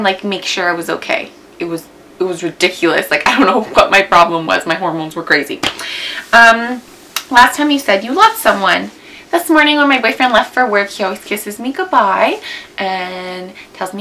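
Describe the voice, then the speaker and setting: A woman's voice: medium pitch, normal speed, pushed and bright, slight background noise, rough recording. A young woman in her twenties chatting casually at home in a vlog, rambling with lots of "like" and "um". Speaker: beauty vlogger. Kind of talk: casual chatty tag video. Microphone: camera mic.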